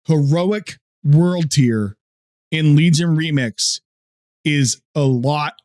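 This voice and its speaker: High-voiced crude laughing man. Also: slow, darkish tone. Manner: crude, laughs often, teasing storyteller. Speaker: podcast co-host. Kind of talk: casual gaming podcast chat.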